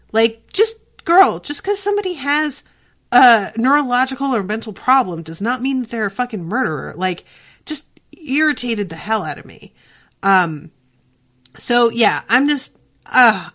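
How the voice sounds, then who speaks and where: A woman hosting a podcast, recapping a TV episode in casual chat, animated and quick to swear. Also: a little high. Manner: animated, swears freely, lots of "like" fillers. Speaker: podcast host.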